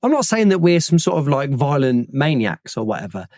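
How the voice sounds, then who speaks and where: A man's voice: medium pitch, sing-song, fairly quick, a little mellow, no room sound, studio quality. A man hosting a football podcast, chatting casually with many fillers and restarts. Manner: rambling, full of fillers and restarts. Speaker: podcast host. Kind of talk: casual chat.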